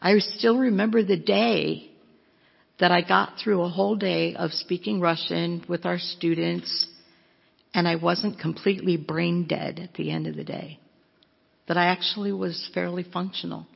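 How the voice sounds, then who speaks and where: A woman's voice: fairly low pitch, fairly even intonation, a little slow, creaky, slightly rough. A woman giving a chatty, self-mocking storytelling talk as a missionary speaker, laughing often. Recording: dull lo-fi with long hall echo.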